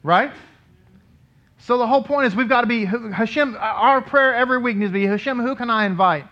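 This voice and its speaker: A rabbi with a very high-pitched, bright, forceful voice talks fairly quickly in the synagogue sanctuary, giving a chatty sermon and questioning his congregation. The audio is dull and lo-fi.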